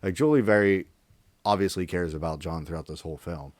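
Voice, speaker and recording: Deep-voiced man chatting about a film. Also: a little fast, no echo. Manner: rambling, animated retelling of scenes with acted quotes. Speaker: podcast co-host. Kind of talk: casual movie discussion.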